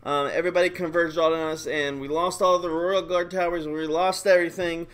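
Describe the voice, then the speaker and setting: High-voiced, excitable male stream host. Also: clear, resonant tone. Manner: excitable, joking, quick bursts of hype. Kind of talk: casual game commentary.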